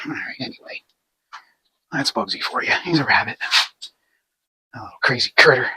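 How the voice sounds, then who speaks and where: A man's voice: medium pitch, expressive, moderate pace, sharp tone, slightly rough, no room sound. A man hosting a casual do-it-yourself video, talking through his work in a rambling, self-deprecating way in his home garage. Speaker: DIY video host. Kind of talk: casual how-to narration while working.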